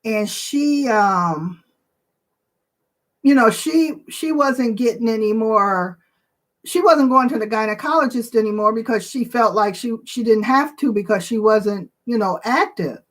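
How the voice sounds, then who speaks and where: Slow-talking woman in her sixties. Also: fairly high pitch, lively intonation. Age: 60s. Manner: slow, emotional, tearful at times, with pauses and fillers. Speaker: channel host. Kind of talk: casual chat to viewers.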